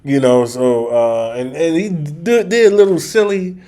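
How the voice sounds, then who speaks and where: A man's voice: on the high side, measured pace, dark tone. A man hosting his own channel, telling a story to the camera in a loose, rambling way with many restarts and slangy asides. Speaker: channel host. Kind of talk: casual storytelling monologue.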